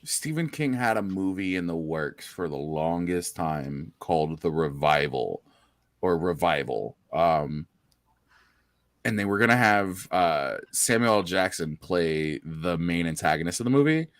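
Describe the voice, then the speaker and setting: Lively-toned man co-hosting a trivia quiz. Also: sits low, measured pace, dry recording, studio quality. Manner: joking, does movie quotes. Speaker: trivia co-host. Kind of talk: quiz banter.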